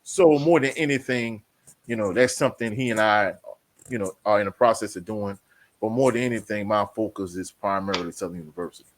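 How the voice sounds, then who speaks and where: A man, a guest creator who talks about himself in a relaxed way with many "you know" fillers. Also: lowish voice, brisk. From Louisiana. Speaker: guest, sports channel creator. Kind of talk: casual interview talk.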